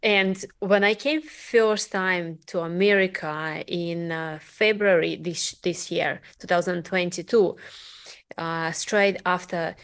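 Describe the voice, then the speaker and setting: Slow, halting woman with a Russian accent. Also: on the low side, steady tone, fairly bright tone, smooth. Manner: slow, halting, many fillers. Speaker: podcast host. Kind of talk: casual interview chat.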